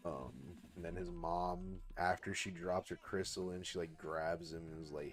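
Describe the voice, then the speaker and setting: A young man on a livestream casually pitching a story. He rambles, swears and fills every pause with "like". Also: fairly even intonation, soft background music. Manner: rambling, heavy "like" filler, cursing. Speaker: artist streamer.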